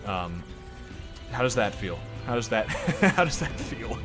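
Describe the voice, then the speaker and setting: Brief: male streamer, middle-pitched, rambling and self-deprecating, sore throat, faint game music underneath. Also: very animated, measured pace, fairly bright tone. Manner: rambling, joking, profane, self-deprecating, laughs often. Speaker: gameplay streamer. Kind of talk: casual live gameplay commentary.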